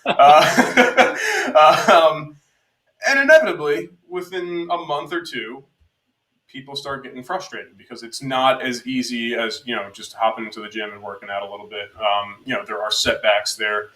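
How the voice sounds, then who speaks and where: A man's voice: mid-range voice, normal speed, bright, forceful tone, reverberant, far from the mic, poor audio. A man from New Jersey hosting a casual live chat, talkative, with frequent laughs and fillers. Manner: chatty, laughs often, many fillers. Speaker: host.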